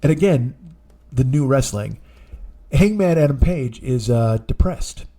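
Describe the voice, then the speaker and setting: A man's voice: mid-range voice, lively intonation, unhurried, dark tone. A man in his forties, a comedian hosting his own show, telling a long, rambling, profane story in a casual, exasperated way. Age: 40s. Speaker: comedian podcast host.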